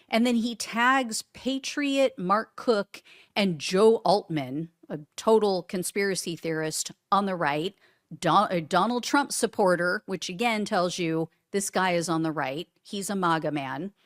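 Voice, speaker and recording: A woman's voice: medium pitch, unhurried, dry recording, clean studio sound. A woman hosting casual political commentary, sarcastic and blunt, with casual swearing as she reads posts aloud.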